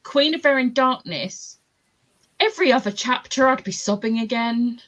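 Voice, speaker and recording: A woman's voice: on the high side, expressive, normal speed, a bit bright, highs cut off. A woman chatting casually about books on a video call, rambling with lots of fillers. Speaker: booktuber host. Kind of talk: casual chat.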